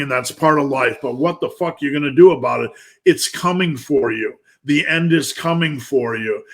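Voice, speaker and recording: A man's voice: on the high side, fairly bright tone. A man in his fifties giving a blunt, intense motivational rant, swearing heavily. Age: 50s. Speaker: motivational speaker.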